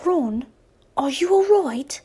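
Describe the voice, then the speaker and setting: Angry, protective teen boy wizard, loud and forceful, read by a young woman. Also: high-pitched, expressive, takes it slowly.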